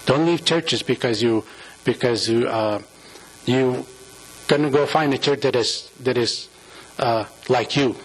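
A man with a husky, slightly breathy voice preaches in a church, his delivery halting and full of restarts as he talks earnestly. He sounds moved, close to tears. A low mains hum sits under the recording. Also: low-quality recording. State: emotional, near tears. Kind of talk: informal sermon.

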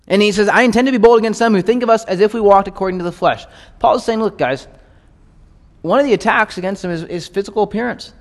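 A man teaching through a Bible book in a casual, conversational way, reading verses and acting out lively asides. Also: on the high side, big-room sound. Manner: conversational, animated, acts out voices in asides. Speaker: pastor.

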